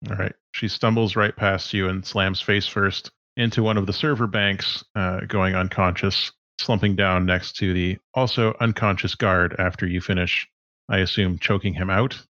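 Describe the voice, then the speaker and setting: A man running a tabletop game as game master, his voice sitting low. He walks through rules and action with easy, halting explanations. The sound is dull and dry, like an online call. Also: fairly even intonation, bright, forceful tone, dry recording.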